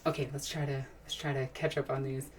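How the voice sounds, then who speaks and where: A woman's voice: very deep voice, little pitch movement, a little fast, distant mic, slight background noise. A woman hosting a casual live stream, chatting and answering questions from chat in a rambling, enthusiastic way, with frequent sighs and restarts.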